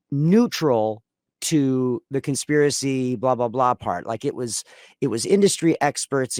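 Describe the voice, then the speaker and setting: A man's voice: mid-range voice, dry recording, studio quality. A man co-hosting a casual podcast, talking in long rambling sentences with frequent restarts. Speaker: podcast co-host.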